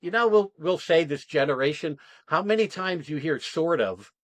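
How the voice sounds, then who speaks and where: With a slightly high voice at a moderate pace, a male acting coach demonstrates an exercise for his class, cursing liberally and being forceful and direct. There's no echo on the audio.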